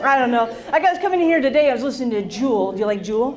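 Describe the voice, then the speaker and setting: A woman's voice: a little high, sing-song, very fast. A woman from Utah doing a self-deprecating stand-up comedy set on a club stage, teasing the audience. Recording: live club with loud crowd noise.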